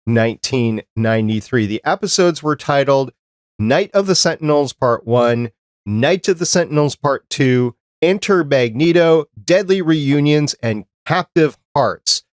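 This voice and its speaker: A man's voice: on the high side, animated, a little slow, dry recording, studio quality. A man hosting a casual podcast chat, talking in an easygoing, rambling way. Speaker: podcast host.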